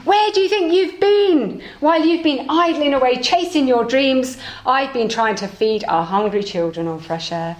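A woman's voice: medium pitch, moderate pace, few pauses, roomy sound, natural voice. A woman voicing a cross wife who scolds her husband for chasing dreams.

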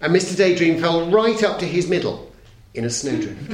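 A middle-aged man reading a children's story aloud, playful and expressive, sinking to a hush at the tense moments. His voice sits a little high and swings widely. The sound rings around an echoey hall. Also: a little fast, hardly any pauses. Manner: expressive, playful, dropping very soft for suspense. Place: talk hall.

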